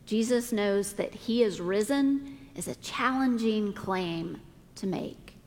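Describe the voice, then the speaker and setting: A middle-aged woman pastor preaching a sermon, speaking deliberately with dramatic pauses. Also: medium pitch. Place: church sanctuary. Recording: long reverb of a church hall.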